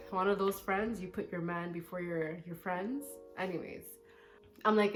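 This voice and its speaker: A woman's voice: mid-range voice, animated, moderate pace, fairly bright tone, faint music behind. A young woman vlogger telling a personal story in a casual, candid way, with a petty, sassy streak.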